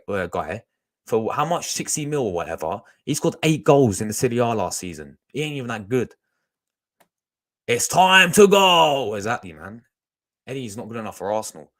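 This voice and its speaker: Low-voiced guy chatting on stream. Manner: rambling, chatty, talks to chat, restarts a lot. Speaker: fan channel host reacting on a live stream. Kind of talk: casual live-stream chat.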